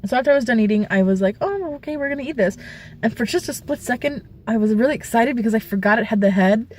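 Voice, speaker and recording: Young woman, casual storytelling vlog, fairly high voice, animated delivery with squeals. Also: fast talker, a little hiss or hum. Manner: animated, squeals and shrieks in retelling. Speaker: vlogger.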